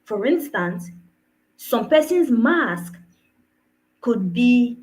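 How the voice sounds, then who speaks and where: A woman's voice: high-pitched, lively intonation, a little slow, poor audio. A woman coach giving an earnest motivational talk, often checking in with her listeners through rhetorical questions. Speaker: personal development coach.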